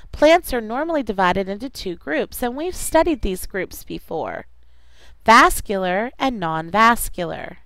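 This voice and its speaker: A woman teacher giving a classroom science lecture, speaking deliberately and repeating key terms for students to write down. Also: fairly high pitch, a bit bright, no echo, rough recording.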